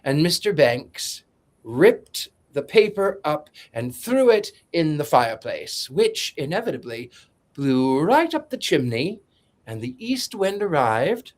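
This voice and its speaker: A man's voice: on the high side, sing-song, takes it slowly. A man on a podcast panel giving a joking, rambling film synopsis in a sarcastic, playful way. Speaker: podcast co-host.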